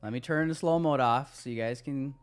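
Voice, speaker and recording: A man's voice: mid-range voice, fairly quick, clean tone, soft background music. A man hosting a live trading stream, chatting casually with viewers, loose and hyped, swearing now and then.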